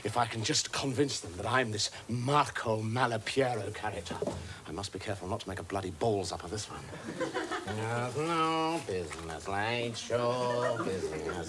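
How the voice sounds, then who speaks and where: A man's voice: lowish voice, lightly acted. An actor playing a manic, mischievous male impostor on stage, clowning and mocking as he talks to the audience, in a noisy 1980s TV recording. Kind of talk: comic stage acting with audience asides.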